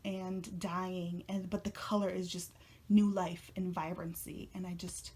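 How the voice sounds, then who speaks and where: A woman's voice: on the low side, little pitch movement, measured pace, darkish tone, slightly rough. A young woman chatting casually to camera for her video channel, gushing and emotional, often trailing off with fillers. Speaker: tarot vlogger.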